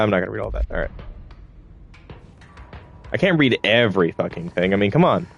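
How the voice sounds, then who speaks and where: Man, gameplay commentary, exasperated, swears, rambling, slightly low voice. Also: sing-song, fairly quick, gravelly, long pauses, breathy edge, faint music behind. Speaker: gaming video creator.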